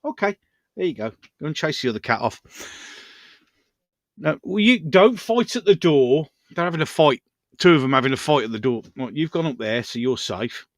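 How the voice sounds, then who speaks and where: A man's voice: on the high side, lively intonation, moderate pace, dry recording, clean studio sound. A man hosting a casual live stream, rambling through viewer comments and chatting to his pets.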